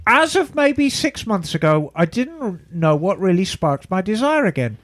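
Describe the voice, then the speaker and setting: A man's voice: high voice, very animated, moderate pace, no room sound, clean studio sound. A man co-hosting a podcast, reading a listener's email aloud in a casual, playful way with joking asides. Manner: playful, breaks into mock British asides while reading. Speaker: podcast co-host.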